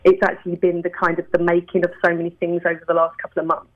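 A woman's voice: lowish voice, completely flat delivery, very fast, phone-quality sound. A woman with a borderline Cockney London accent, a singer-songwriter chatting enthusiastically as an interview guest. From southeast London, England. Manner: enthusiastic, chatty, many fillers. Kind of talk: interview conversation.

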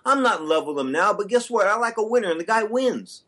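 A man's voice: high-pitched, expressive, fast, a bit bright. Brash male sports radio host. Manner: brash, opinionated, rambling with restarts. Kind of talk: casual sports radio chat.

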